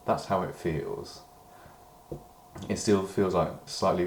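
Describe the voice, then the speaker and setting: Very deep-voiced British man rambling. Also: fairly even intonation, takes it slowly, roomy sound, slight background noise. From Britain. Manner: meandering, full of hedges and restarts, swears when worked up. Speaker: diary vlogger. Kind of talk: rambling personal monologue.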